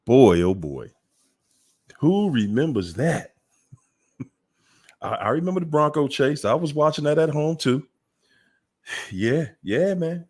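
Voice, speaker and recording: Slow-talking man hosting a livestream. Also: a little high, big pitch swings, darkish tone, slightly rough. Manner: slow, chatty, exclaims and laughs often. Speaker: host. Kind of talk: casual call-in livestream chat.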